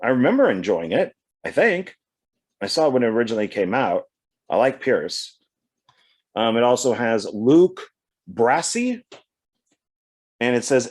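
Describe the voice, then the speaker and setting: Man, casual DVD haul vlogger, chatty, lively up-and-down voice, reads synopses aloud. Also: mid-range voice, measured pace, pauses often, husky. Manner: chatty, reads back covers aloud, trails off. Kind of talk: casual unboxing commentary.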